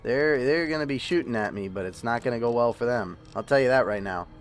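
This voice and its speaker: Chatty male streamer, jokey offhand talk over soft game music. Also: medium pitch, animated, quick pace. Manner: joking, rambling, chatty with viewers. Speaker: livestreaming gamer. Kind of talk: casual gameplay commentary.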